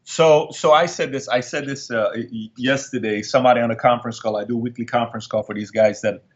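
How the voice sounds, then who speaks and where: A middle-aged man speaks as an interview guest, driving his points home by repeating them and letting feeling into his voice. His pitch sits in an ordinary middle range for a man. The recording sounds a little dull and lo-fi. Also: fairly even intonation, quick pace. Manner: emphatic, repeats lines for effect, emotional storyteller. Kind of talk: candid storytelling interview.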